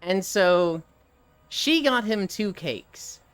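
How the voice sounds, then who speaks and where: Streamer, casual rambling chat, foul-mouthed and quick to laugh, lively pitch. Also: smooth. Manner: rambling, swears freely, laughs often. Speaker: live streamer.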